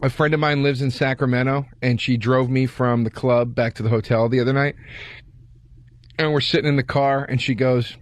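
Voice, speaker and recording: A man's voice: medium pitch, steady tone, moderate pace, no echo. A man co-hosting a podcast, telling self-mocking stories in a laid-back way in casual chat at a studio mic. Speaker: podcast co-host.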